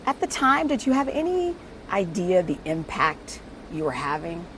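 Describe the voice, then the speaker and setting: A woman from the US Midwest interviewing a guest, chatty and enthusiastic, quick to react. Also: on the low side, sing-song, fairly bright tone, slight background noise. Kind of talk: friendly interview chat.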